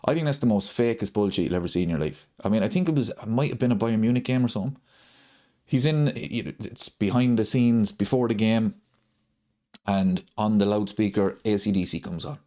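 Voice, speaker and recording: Warm in tone and fairly low, this man's voice moves briskly. He's the host of a live football watchalong, ranting and repeating himself to make his points land.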